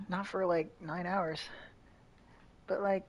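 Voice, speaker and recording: A man's voice: high voice, flat delivery, slow pace, rough recording. A man streaming a game with a friend, talking in a laid-back, offhand, joking way. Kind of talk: casual gameplay chat.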